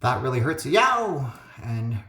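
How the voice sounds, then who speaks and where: Male host, mid pitch, casual solo puzzle commentary, thinks aloud with fillers, phone-webcam sound in an echoey room. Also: lively intonation, normal speed.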